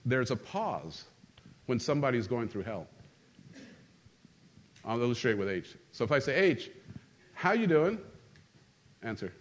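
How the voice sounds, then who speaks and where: A middle-aged man preaches to his congregation in a church. His delivery is animated and humorous, rising for punchlines and dropping low and quiet for earnest points. He keeps drawing the room in with call-and-response. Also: normal speed, pauses often. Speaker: pastor. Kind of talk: sermon. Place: church sanctuary.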